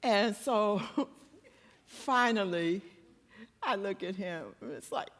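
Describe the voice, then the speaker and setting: A woman preacher telling a personal story in a church sermon, animated and self-mocking, often laughing at herself. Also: medium pitch, slow. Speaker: guest preacher. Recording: long church-hall reverb.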